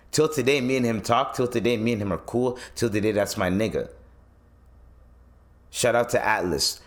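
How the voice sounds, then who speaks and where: A man from East Africa, hosting a podcast and telling stories in a profane, animated rant. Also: fairly low pitch. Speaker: podcast host.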